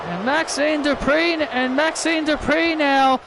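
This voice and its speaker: A man doing excitable play-by-play wrestling commentary over a video game, repeating himself and bursting into shouts. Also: extremely high pitch, a little slow, crowd noise, background noise.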